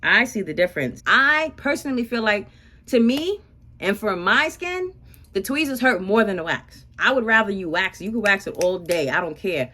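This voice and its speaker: A young woman talks casually to her viewers, rambling into animated asides. Her pitch sits in the middle but swings widely and expressively from phrase to phrase. She sounds like a beauty vlogger chatting through her routine. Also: normal speed. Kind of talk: casual chat while waxing.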